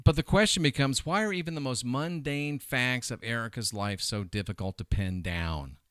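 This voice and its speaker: A middle-aged man hosting a casual commentary show, talking in an animated, emphatic way and wandering off into side points. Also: mid-range voice, moderate pace, no echo, studio quality. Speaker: host.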